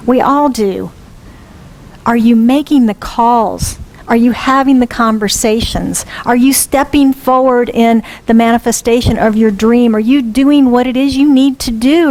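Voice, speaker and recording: A woman's voice: high voice, darkish tone, poor audio. A woman minister giving a sermon, asking earnest questions and repeating them for emphasis. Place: church sanctuary.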